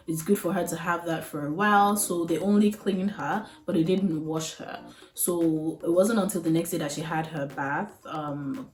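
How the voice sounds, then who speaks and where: A young woman vlogger telling a personal story in a candid, chatty way, full of fillers and frank asides. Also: lowish voice. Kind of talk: casual storytelling to camera. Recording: roomy echo with faint music.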